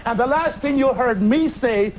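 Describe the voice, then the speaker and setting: A man's voice: very high-pitched, a little hiss or hum. An older Irish man, an actor and talk show guest, telling stories in a theatrical way, acting out the people in them. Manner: lively, theatrical, quick to act out voices. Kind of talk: animated storytelling. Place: television studio.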